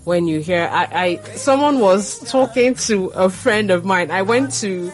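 A woman's voice: medium pitch, animated, unhurried. A woman, co-hosting a casual chat and telling stories in an exasperated way. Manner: storytelling, exasperated.

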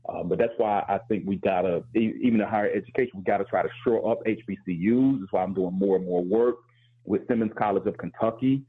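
An earnest man talking reflectively on a radio show, his low voice carrying a husky grain. The sound is thin and phone-like. He often restarts words as he works through his thoughts. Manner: earnest and reflective, with repeated words and quick laughs. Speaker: host and historian. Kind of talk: casual radio talk. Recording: tinny phone-like broadcast.

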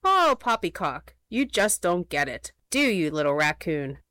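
A woman voicing a sly, greedy little male hedgehog painter with a squeaky voice, in a storybook reading. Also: sing-song, a little slow, sharp tone, no echo, exaggerated voice. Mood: gloating. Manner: sly, scheming.

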